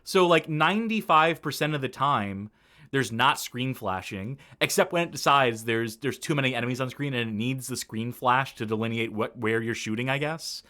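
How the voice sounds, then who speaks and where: Male stream host, casual game commentary, rambling, self-correcting, chuckles a lot, mid pitch. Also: normal speed, bright, forceful tone. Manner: chuckles often.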